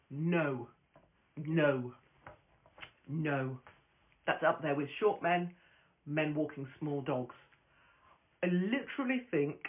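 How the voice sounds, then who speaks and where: A woman hosting a casual live stream from her phone, brash and profane, rambling from story to story and laughing often. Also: deep voice. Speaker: host of a live stream, stand-up comic. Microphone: phone camera. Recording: tinny phone-quality audio.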